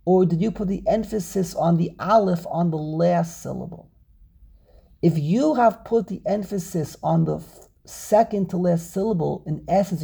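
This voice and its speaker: A man's voice: sits high, vocal fry, mellow, slightly rough. A man teaching an online scripture class over a video call, stressing and repeating his key points with frequent "okay"s. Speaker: Torah teacher.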